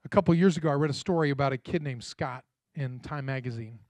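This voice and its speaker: A man's voice: medium pitch, fast talker, a little mellow, no room sound. A man, a pastor, giving a sermon in a conversational storytelling way and often checking in with the congregation. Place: church.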